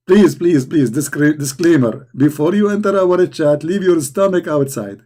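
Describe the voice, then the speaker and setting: A man's voice: on the high side, moderate pace, hardly any pauses, warm tone. A man hosting a live chat, talking in a sarcastic, mocking way with broken grammar. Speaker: chat show host. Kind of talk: casual live-chat monologue.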